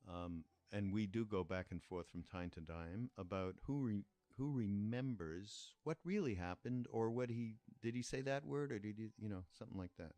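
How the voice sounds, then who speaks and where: Older man, podcast host, deep voice, rambling reflective storytelling, dry close sound. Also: warm tone, no echo. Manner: reflective, meandering, with frequent pauses and restarts. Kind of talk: casual spoken storytelling.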